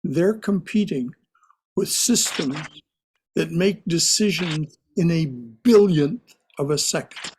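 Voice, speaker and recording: A man leading a discussion class, speaking in a slow, thoughtful and hesitant way. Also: a little high, lively intonation, a little mellow, a little hiss or hum. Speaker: class teacher.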